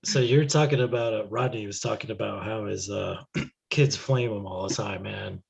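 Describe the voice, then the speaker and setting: A young man co-hosts a casual podcast in a laid-back way and laughs easily. His voice is low, gravelly and husky. He speaks slowly and unhurriedly. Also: darkish tone, rough recording. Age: young adult. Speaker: podcast co-host. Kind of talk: casual chat.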